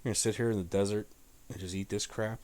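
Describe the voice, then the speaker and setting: A man voicing a crowd of fed-up desert wanderers, grumbling in a lower, quieter voice. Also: fairly even intonation, fast, close to an everyday voice.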